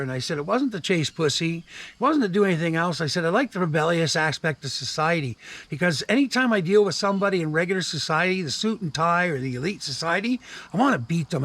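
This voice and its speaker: A man's voice: fairly high pitch, a bit bright. An older Canadian man ranting angrily and profanely in a vlog, retelling phone calls and repeating "I said". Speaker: vlogger. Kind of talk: angry ranting monologue. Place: home in the wilderness.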